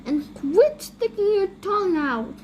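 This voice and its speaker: A gruff, fatherly storybook cat, read by a woman. He hands out advice in a dry, matter-of-fact tone. The voice sits a little lower and is kept plain. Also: animated, unhurried, a little hiss or hum.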